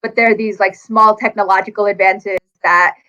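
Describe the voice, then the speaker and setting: A woman author talking casually in an animated, quick way. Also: mid-range voice, low-quality recording. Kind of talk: casual conversation.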